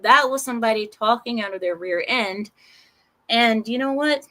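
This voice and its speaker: A woman of Arab heritage giving casual news commentary, sarcastic and animated, with rambling restarts. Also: on the high side, moderate pace. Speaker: commentary channel host.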